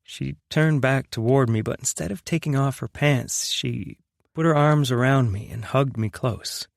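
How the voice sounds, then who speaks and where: A young man narrating a romance audiobook in the first person, in a soft, unhurried, intimate way. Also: medium pitch, gravelly, dry recording, studio quality.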